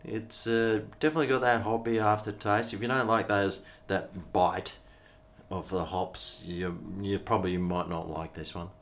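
A man's voice: on the low side, steady tone, normal speed, fairly bright tone. A middle-aged Australian man, a vlogger, rambling in a laid-back, slangy way while he tastes and reviews a beer. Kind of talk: casual beer review vlog.

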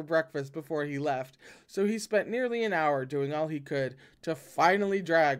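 A man's voice: a little high, expressive, moderate pace, few pauses, clean tone. A man reading a novel aloud and breaking off to react in a dramatic, swearing manner. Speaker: audiobook reader and reactor.

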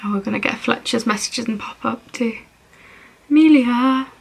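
A woman's voice: a little high, moderate pace, gravelly, a little hiss or hum. A young woman vlogging as she plays a phone game, reading messages aloud in a playful, giggly way.

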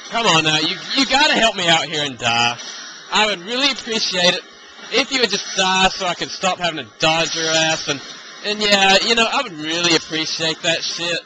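A man's voice: high-pitched, expressive, moderate pace, background noise. A man giving live gameplay commentary, exasperated and repeatedly urging and taunting the enemy. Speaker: let's play gamer.

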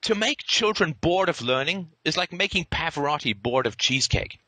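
A man's voice: on the high side, lively intonation, moderate pace, sharp tone, no room sound. A male podcast host giving an impassioned, sarcastic monologue peppered with profanity and theatrical asides.

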